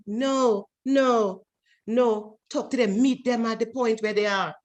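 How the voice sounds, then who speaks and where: A woman's voice: fairly high pitch, fairly even intonation, slow. A woman speaks in a church forum over a video call. Her delivery is emphatic and preachy, and she keeps repeating her points to drive them home. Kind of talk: impassioned forum speech.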